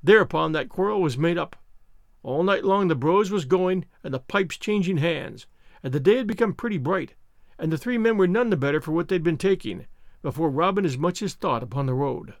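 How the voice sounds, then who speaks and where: A man reads a classic novel aloud in a measured storytelling style. His voice sits a touch high and moves expressively through its range. The recording is close and dry. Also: expressive, no room sound. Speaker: audiobook reader and show host.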